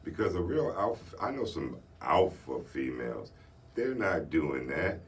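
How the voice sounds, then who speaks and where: A man's voice: low voice, very animated, a little slow. A man co-hosting a casual radio talk show, giving laid-back opinions. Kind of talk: casual chat. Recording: distant mic, faint room noise.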